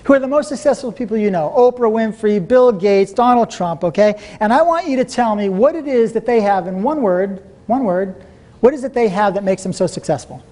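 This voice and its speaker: Animated man telling a seminar story. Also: high-pitched, a little fast. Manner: storytelling, animated, laughing often. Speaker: seminar speaker. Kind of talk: motivational seminar talk to a live audience.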